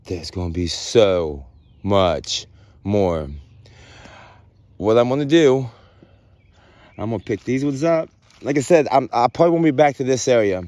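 A man vlogging outdoors in the woods, rambling excitedly and joking as he goes. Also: mid-range voice, a little slow, pauses often, no room sound. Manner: excited, rambling, talks to mushrooms playfully. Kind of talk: casual outdoor vlog narration.

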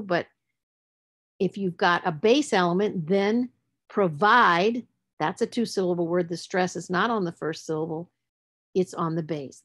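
Lady teacher explaining spelling and stress, a bit low voice, spells out letters. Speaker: literacy teacher. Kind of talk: presenting a lecture on word structure.

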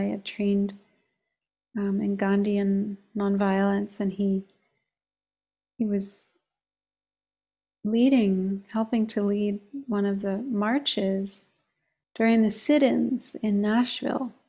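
Female meditation teacher, calm and measured, slow-paced reflective storyteller. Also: mid-range voice.

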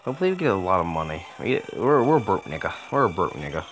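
A man's voice: low voice, sing-song, quick pace, fairly bright tone, faint music behind. A man casually commenting on a video game, joking, swearing and talking back to the game. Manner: joking, profane, talks to the game.

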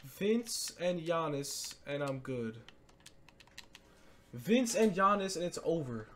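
A man giving live gameplay commentary as a gaming creator, excitable, swinging between low muttering and loud shouts and repeating catchphrases. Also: slow, slight background noise. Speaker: gaming YouTuber.

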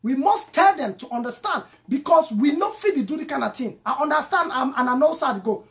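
An online commentator, a woman speaking Cameroonian-accented English mixed with Pidgin, delivers an impassioned, emphatic, repetitive monologue that swings between loud and soft. Her high-pitched voice moves fairly quickly with lively intonation.

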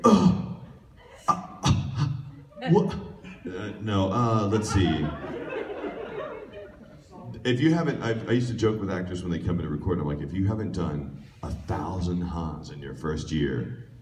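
A man's voice: sits low, lively intonation, measured pace, long pauses, darkish tone, slight background noise. A man, a voice actor, talking casually and jokingly on a convention panel, rambling with lots of fillers. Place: large convention room. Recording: echoey hall recorded from far off.

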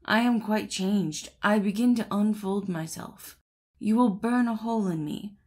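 A woman's voice: mid-range voice, measured pace, natural voice. A woman reading as a pompous boastful collar. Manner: pompous, gushing flattery. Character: vain boastful male shirt collar, flattering suitor.

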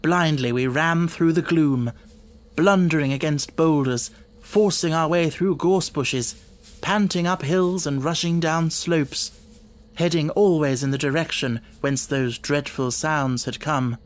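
A man narrating an audiobook in a steady, dramatic storytelling manner. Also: fairly high pitch, measured pace.

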